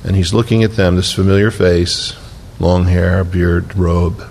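A man's voice: low voice, fairly even intonation, unhurried, creaky, darkish tone, a little hiss or hum. A man preaching a sermon as pastor, telling the story with humor and acting out the voices of the people in it.

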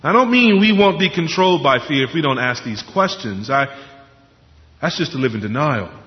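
A young man preaching a sermon in an earnest way, pausing often and asking rhetorical questions. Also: fairly high pitch, lively intonation. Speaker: pastor. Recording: dull sound in a reverberant hall.

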